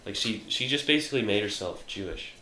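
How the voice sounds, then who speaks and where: A man's voice: lowish voice, lively intonation, brisk, pushed and bright, roomy sound, slight background noise, low-quality recording. A man hosting a podcast, talking in brash, mocking, profane banter. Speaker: podcast host. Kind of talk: casual chat.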